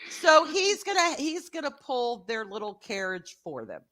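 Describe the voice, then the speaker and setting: A woman hosting a casual show review over a video call, animated and rambling with filler asides. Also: a little high, unhurried. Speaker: host.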